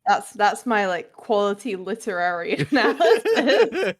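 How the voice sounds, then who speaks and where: A woman's voice: mid-range voice, sing-song, a little slow. A woman co-hosting a casual stream, teasing and laughing along. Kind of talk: casual chat.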